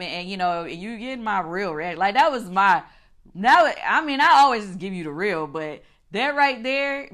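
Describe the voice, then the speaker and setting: A middle-aged woman hosting a casual recap chat, animated and swearing, acting out her own reactions. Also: medium pitch. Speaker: show host.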